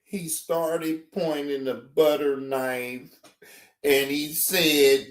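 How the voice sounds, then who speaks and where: A man hosting a reaction show, talking in a loud, profane, exclamatory way, often stammering and restarting. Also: fairly high pitch, steady tone, extremely slow. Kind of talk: casual reaction commentary.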